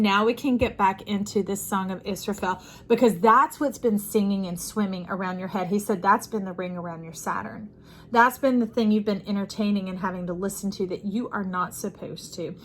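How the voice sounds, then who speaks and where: A woman's voice: medium pitch, slight background noise. A woman giving an intuitive tarot reading, speaking expressively and repeating phrases for emphasis. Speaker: tarot reader.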